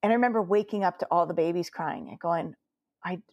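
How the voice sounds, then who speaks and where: A woman's voice: fairly low pitch, fast talker, a little mellow, no echo, muffled recording. A woman, a nurse telling her story earnestly in an interview, quoting her own words along the way. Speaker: guest nurse.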